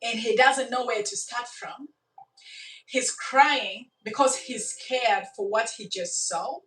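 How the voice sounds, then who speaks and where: Animated woman telling a story, echoey. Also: on the high side, slow. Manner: animated, dramatic retelling with asides. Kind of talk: casual spoken storytelling. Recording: echoey room, from far off.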